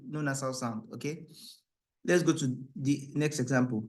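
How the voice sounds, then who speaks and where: A man teaching Quran recitation rules, explaining in a questioning style and breaking into a higher, louder chant for the verses. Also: fairly even intonation, normal speed, faint music behind. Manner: asks the class rhetorical "what?" questions. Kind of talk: tajweed lesson, explaining and reciting.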